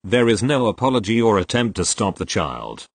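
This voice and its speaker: A man reading online posts aloud as storytelling, in a wry, expressive manner. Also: fairly low pitch, moderate pace, husky, no echo.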